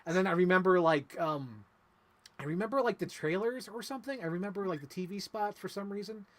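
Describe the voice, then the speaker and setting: A man whose voice sits high talks fairly quickly while co-hosting a podcast about films. The review chat is casual, rambling and emotional, with many filler words.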